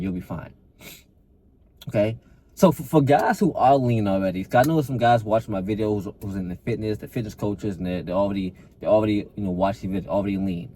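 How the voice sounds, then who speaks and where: A man's voice: lowish voice, warm tone, slight background noise. A man, a fitness coach, giving a blunt, profane, repetitive motivational talk to camera and calling the listener bro.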